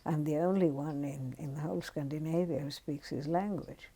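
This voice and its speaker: An older woman telling anecdotes in an oral history interview, lively and given to dropping into hushed asides. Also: deep voice, normal speed, gravelly, husky. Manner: anecdotal, lively, drops to a near-whisper on asides. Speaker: interviewee recounting her career as a journalist.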